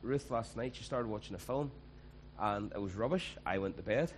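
A man's voice: on the low side, normal speed, slight background noise, low-quality recording. A man, preaching a conversational sermon and acting out quoted voices.

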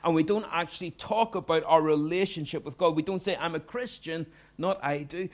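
A man's voice: fairly high pitch, normal speed, few pauses. Earnest male pastor preaching with swings in volume. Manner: earnest, swings from soft hushed lines to loud emphatic bursts. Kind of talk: sermon.

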